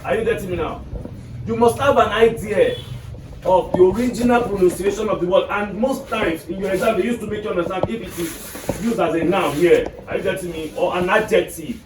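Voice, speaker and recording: A man's voice: high voice, a little fast. Nigerian male teacher, quizzing class, recorded from afar with light hiss. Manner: questioning students, repeats "are you getting me". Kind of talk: classroom English lesson. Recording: echoey classroom from far off with noise.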